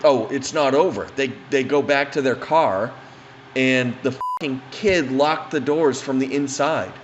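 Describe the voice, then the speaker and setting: A man's voice: mid-range voice, a little slow, lo-fi sound, noisy background. A man telling a funny anecdote in a rambling, profane, casual way. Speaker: storyteller.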